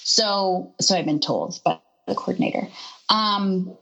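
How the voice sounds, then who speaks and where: A woman's voice: mid-range voice, a little slow. A woman in her thirties, a podcast guest, telling a personal story in a casual conversation and acting out the people in it. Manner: animated storyteller, quotes herself and others in lively voices. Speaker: interview guest.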